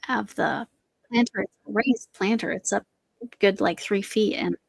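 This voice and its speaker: A middle-aged woman chats casually as she hosts a crochet livestream, rambling and often trailing off. Her voice has a gravelly fry and sounds a little worn. The sound is close and dry. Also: medium pitch, no room sound, rough recording. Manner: rambling, chatty, trails off and restarts. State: voice slightly going. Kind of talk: casual chat while crocheting.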